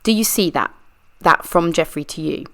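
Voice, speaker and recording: A woman with a deep, slightly bright voice reads a deposition aloud at a moderate pace. As a true crime channel reader, she plays a persistent adult lawyer whose questions to a witness are methodical and pressing.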